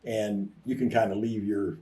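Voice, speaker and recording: A rambling man co-hosting a casual sports talk show, often circling back and restarting his sentences. His voice sits low and mellow. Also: fairly even intonation, moderate pace, far from the mic, slight background noise. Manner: rambling and self-interrupting, with restarts. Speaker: co-host.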